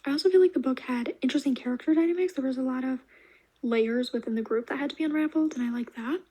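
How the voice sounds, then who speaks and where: Fast-talking, high-voiced young woman reviewer. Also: husky, poor audio. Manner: gushing and animated, drops into soft asides. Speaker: book reviewer. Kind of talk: casual reading wrap-up vlog.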